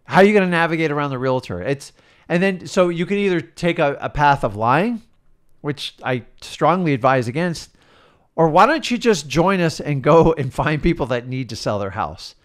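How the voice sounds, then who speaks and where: A middle-aged man coaching in an emphatic, worked-up rant, swinging between loud bursts and quiet asides. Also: fairly high pitch, lively intonation, moderate pace. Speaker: real estate coach.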